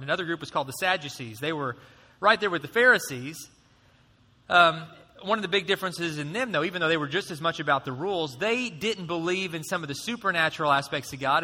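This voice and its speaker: A man preaching a sermon as pastor, in a conversational, animated way, acting out voices now and then. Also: on the high side, long reverb tail.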